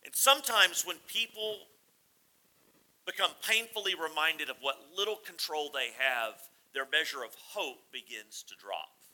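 A man's voice: on the high side, animated, measured pace, pushed and bright, poor audio. A man in his forties preaching a sermon in a conversational, humorous storytelling manner. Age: 40s. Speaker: pastor.

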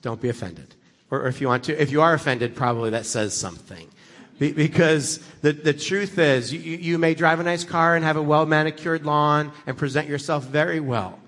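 A man's voice: a little high, a little fast, fairly bright tone. Conversational male preacher in a reverberant hall. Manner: conversational, rises to emphatic preaching. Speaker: guest preacher. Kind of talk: sermon.

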